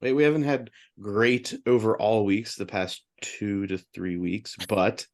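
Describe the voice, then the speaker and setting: A man co-hosting a sports betting podcast, casually running through wins and losses in quick upbeat bursts. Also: fairly low pitch, steady tone, darkish tone. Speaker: podcast co-host reading betting results.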